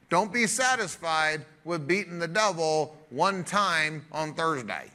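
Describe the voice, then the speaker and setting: A male pastor preaching a sermon in an energetic, joking and emphatic conversational way. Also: on the high side, slow, hardly any pauses.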